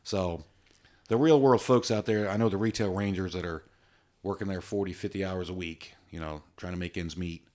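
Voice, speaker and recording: A man from Virginia co-hosts a podcast, easygoing and joking as the casual chat wanders. His low, darkish voice moves at a normal speed.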